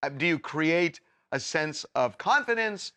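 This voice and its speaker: A male talk show host questioning a guest in quick, eager bursts. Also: on the high side, animated, sharp tone, clear, resonant tone. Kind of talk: studio interview questions.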